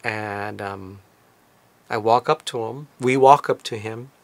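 A man casually recounting a trip as a vlogger, in a relaxed, conversational storytelling manner. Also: fairly low pitch, takes it slowly, vocal fry, dry recording. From lives in Tokyo. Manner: relaxed, conversational retelling with fillers.

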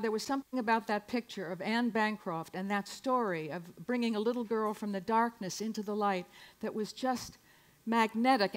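Wry woman in her sixties telling stories. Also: fairly high pitch. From San Francisco, United States. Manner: wry, self-mocking and lively. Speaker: performer. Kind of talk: comic storytelling monologue. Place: live club stage.

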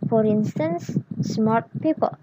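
Slow, deliberate woman teaching grammar. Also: a little high, heavy background noise. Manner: slow, deliberate, enunciating example words. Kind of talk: explanatory grammar lesson.

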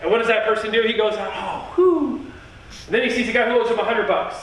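Brief: high-pitched male preacher, earnest and emphatic, recorded from a distance in a very echoey sanctuary. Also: fairly even intonation, very fast, a bit bright. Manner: earnest, emphatic, with repeated phrases. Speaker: pastor. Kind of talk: sermon. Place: church sanctuary. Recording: echoey church heard from a distance.

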